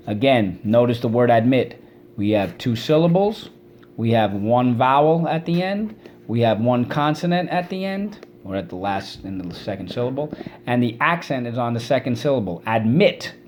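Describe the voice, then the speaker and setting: A man's voice: mid-range voice, darkish tone, slight background noise. Man teaching a spelling lesson. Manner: drills words by syllable with call-and-repeat prompts.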